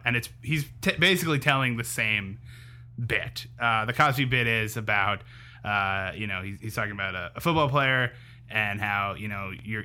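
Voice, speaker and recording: Bright-voiced animated podcast co-host. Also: male voice, medium pitch. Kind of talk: casual podcast chat.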